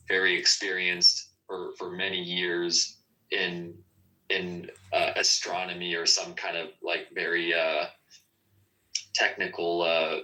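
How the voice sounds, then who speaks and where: A man's voice: low voice, sharp tone, low-quality recording. A man talking in a casual podcast chat, rambling with many fillers and restarts.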